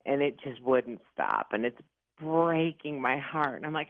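A woman in her fifties from the Chicago area recounts her ghost encounters with lively drama and self-mocking humor. Her voice comes through a thin, phone-like line with no room sound at all. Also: sits low, moderate pace, no room sound. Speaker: paranormal investigator guest. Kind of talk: animated storytelling interview. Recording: tinny phone-like line, dry.

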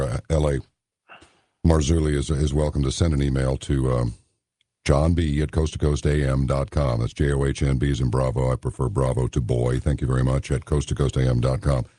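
A male radio host running a late-night interview, measured and pausing with "uh" a lot. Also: a bass voice, mellow, no echo, studio quality. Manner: measured, with many "uh" pauses.

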